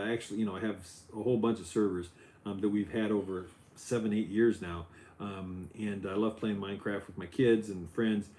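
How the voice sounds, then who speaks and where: A middle-aged man hosting a casual Lego building livestream, loose and chatty, his voice jumping up when he gets excited. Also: on the low side. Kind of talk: casual chat while building. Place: home office.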